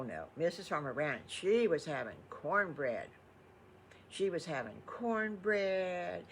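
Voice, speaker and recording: An older woman tells a made-up children's story in a slow, unhurried way. Her voice has a gravelly edge, and she rambles warmly between the story and asides. A faint hum of room noise sits behind her. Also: on the low side. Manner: chatty and rambling, with fond exclamations. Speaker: storytelling grandmother. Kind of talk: improvised bedtime storytelling.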